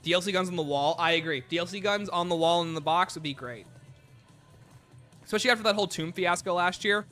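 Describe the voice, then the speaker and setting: A man's voice: high-pitched, fast talker, pushed and bright, faint music behind. A young man with a sick voice, livestreaming a zombie game and chatting casually with his viewers, greeting them by name. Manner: chatty, greets chat by name, jokey asides. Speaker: gaming livestreamer. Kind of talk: casual gameplay chat with viewers.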